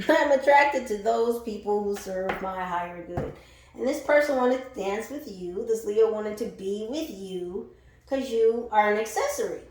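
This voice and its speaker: A woman's voice: mid-range voice, expressive, measured pace, darkish tone. A woman giving a casual tarot reading, playful and blunt, laughing, swearing and sometimes singing a line. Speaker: tarot reader. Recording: very echoey room.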